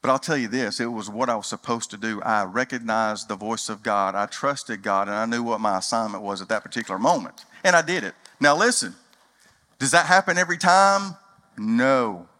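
A man's voice: medium pitch, moderate pace, sharp tone. A man preaching a sermon as pastor, telling folksy stories and acting out dialogue in a large church hall. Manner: folksy storytelling, acts out dialogue.

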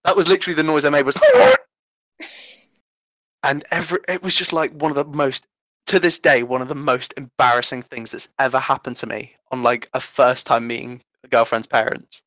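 An eighteen-year-old Englishman, a guest on a casual podcast, tells rambling, self-deprecating stories and laughs often. His mid-range voice is fairly even in intonation, fast, pushed and bright. The recording is dry and low in quality.

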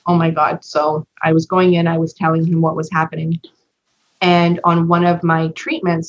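On a podcast, a female co-host with a lowish voice shares a personal story in a loose, chatty way. She animates it by slipping into the voices of the people she quotes. The recording sounds dull and lo-fi.

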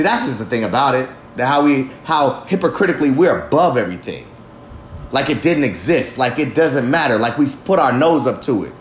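A man's voice: on the high side, a bit bright, slight background noise. A man delivering an impassioned, heavily profane monologue, ranting with emphatic force. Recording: roomy echo.

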